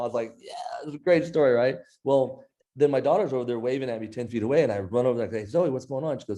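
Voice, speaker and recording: Talking fast with few pauses, a medium-pitched middle-aged Iowan guest author spins a long anecdote in an interview. He's an animated storyteller who quotes the people involved in his own voice.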